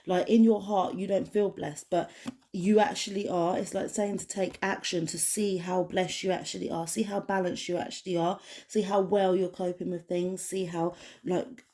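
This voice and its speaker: With a warm, fairly low-pitched voice, this UK tarot card reader rambles through an informal oracle card reading, full of fillers and restarted sentences.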